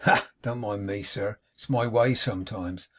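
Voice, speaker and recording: A man's voice: fairly low pitch, measured pace. A man voicing a cheerful, ever jolly working-class manservant with a chirpy way of talking. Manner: chirpy, brightly drawn out dialect.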